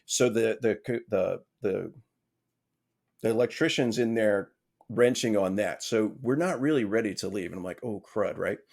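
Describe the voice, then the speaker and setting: Man telling a lively self-mocking story. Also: lowish voice, normal speed, gravelly. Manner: lively, frequent "right?" asides, restarts; exasperated self-mocking humor. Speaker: podcast guest. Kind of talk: casual storytelling anecdote.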